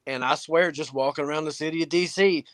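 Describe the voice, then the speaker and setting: A man co-hosting a casual chat, telling a relaxed personal anecdote. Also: on the high side, fast talker, no echo. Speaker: co-host.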